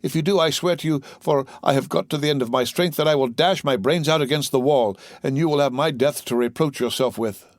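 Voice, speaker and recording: A man's voice: on the high side, brisk, hardly any pauses, dry recording, clean studio sound, close to an everyday voice. A man voicing a desperate young male prisoner in an audiobook, pleading with earnest passion.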